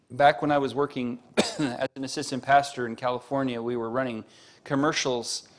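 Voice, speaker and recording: A man preaching a sermon as pastor, telling stories to the congregation and building to emphatic peaks. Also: medium pitch. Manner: preaching with rising emphatic peaks and story asides; addresses congregation with show-of-hands questions.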